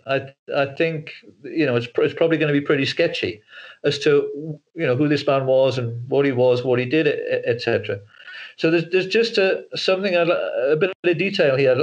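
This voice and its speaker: Man on a dull, lo-fi video call. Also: a little high. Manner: hesitant, with repeated words and restarts. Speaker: guest, author and filmmaker. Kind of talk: casual interview talk.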